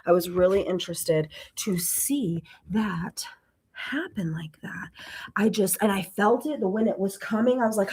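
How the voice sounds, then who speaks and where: A woman's voice: mid-range voice, normal speed. A woman hosting a casual spiritual talk from her home, telling stories animatedly and acting out her conversations with God. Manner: animated storytelling, acting out her talks with God in shifting voices. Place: at home, indoors.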